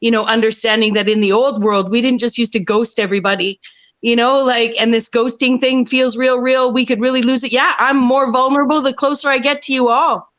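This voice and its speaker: A woman with a fairly high voice chats casually as a guest on an online panel. She rambles, restarts her sentences often and breaks into laughs along the way. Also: fairly even intonation, a little fast, a bit bright.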